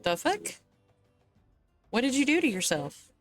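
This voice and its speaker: A woman's voice: high-pitched, wildly swooping pitch, measured pace, soft background music. A woman from Southwest Virginia with a Southwest Virginian accent, chatting casually on a stream, swearing and laughing often.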